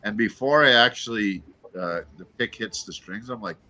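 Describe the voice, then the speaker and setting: A man joining a casual livestream chat over a video call, easygoing, quick to laugh and chime in. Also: fairly low pitch, pushed and bright, a little hiss or hum.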